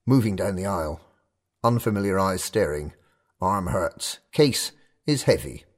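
A man's voice: sits low, lively intonation, measured pace. A man narrating a first-person audio story in clipped, tense fragments.

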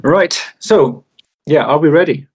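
A man narrating and running a tabletop role-playing game as game master, in a relaxed, chatty way. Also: a little high, unhurried, husky.

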